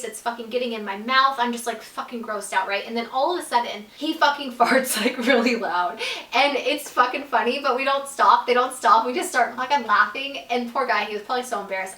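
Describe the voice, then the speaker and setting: A woman's voice: a little high, fairly bright tone. A young woman telling a casual, blunt and profane storytime, full of "like" fillers. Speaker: vlogger telling stories. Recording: roomy echo, a bit far from the mic.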